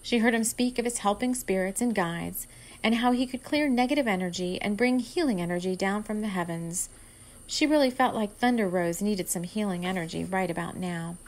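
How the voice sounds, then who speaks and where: A woman reads her own novel aloud in a steady, gentle storytelling voice. Her pitch sits mid-range, and she keeps an even, unhurried pace. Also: low-quality recording. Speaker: author reading her own book. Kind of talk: storybook narration.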